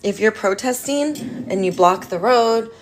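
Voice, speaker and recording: A woman's voice: mid-range voice, lively intonation, measured pace. A woman vlogging in a rambling, playful rant that sometimes drops into a whisper. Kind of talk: casual rant to camera.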